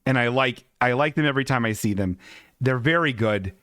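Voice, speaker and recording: A man's voice: medium pitch, brisk, no room sound, clean studio sound. A man hosting a comedy show, riffing on pictures with lots of giggling asides. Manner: animated, giggly, riffing on images. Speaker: podcast host. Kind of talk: casual comedic commentary.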